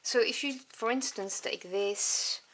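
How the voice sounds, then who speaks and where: French-native lady going through oracle cards one by one, slow and gentle, little faint background hiss. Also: on the high side. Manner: soft, unhurried listing with fond asides. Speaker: tarot deck reviewer. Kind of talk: card-by-card deck review.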